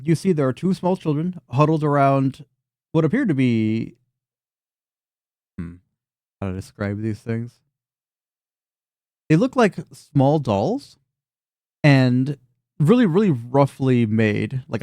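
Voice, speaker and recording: A man's voice: medium pitch, a little mellow, no room sound, clean studio sound. A man narrating as the game master of a tabletop game, describing scenes in a loose, rambling way with many restarts.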